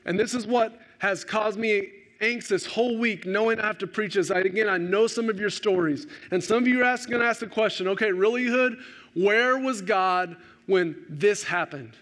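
Man, pastor, sermon, fairly high pitch, animated then hushed delivery. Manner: swings from animated rises to hushed, slow emphasis.

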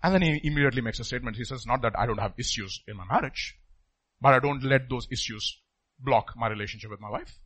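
A pastor preaching a sermon emphatically, his voice swinging from loud outbursts to hushed asides. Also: mid-range voice, fast, slightly rough.

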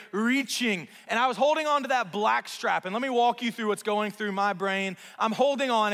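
A man preaching a sermon as pastor, telling a story in an animated, self-mocking way in a church sanctuary. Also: high voice. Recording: long reverb of a large hall.

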